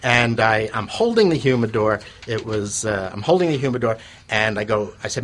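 A man's voice: medium pitch, a little fast. A man telling an anecdote in an interview, rambling with restarts and fillers and chuckling at himself. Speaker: guest telling his business story.

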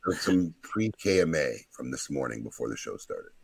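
A man's voice: rumbling low, lively intonation, moderate pace, vocal fry, background noise. A man hosting a casual podcast, steering the conversation and talking to listeners. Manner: runs the show, addresses listeners. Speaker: podcast host. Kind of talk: casual chat.

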